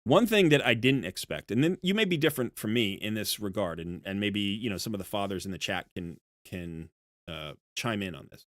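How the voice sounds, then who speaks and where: A man's voice: lowish voice, animated, a little fast, a bit bright, no room sound, clean studio sound. A man streaming live, chatting casually with his viewers in a rambling way, with many restarts and fillers. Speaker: streamer talking to chat.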